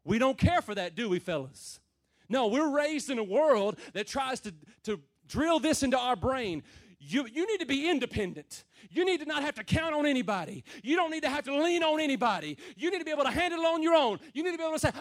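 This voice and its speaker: A man preaching to a room of men in a notably high voice. He talks plain and folksy, swinging from loud, emphatic calls down to quiet, low murmurs. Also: very animated, brisk. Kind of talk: sermon to a men's gathering.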